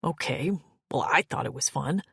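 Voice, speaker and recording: A woman voicing a bold, reckless male alien warrior who shouts with exuberant energy. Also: a bass voice, moderate pace, vocal fry, husky, no echo, clean studio sound, pitched below the performer's own voice, full character voice. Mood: cheerful.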